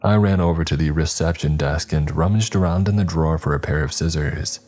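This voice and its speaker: A man narrating a horror story in a measured, dramatic storytelling manner. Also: a bass voice, a little mellow.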